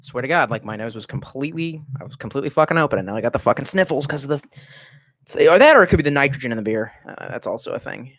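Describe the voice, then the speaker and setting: A man's voice: mid-range voice, animated, racing, no room sound. A man casually chatting on a home livestream, rambling and swearing, with many restarts. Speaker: streamer.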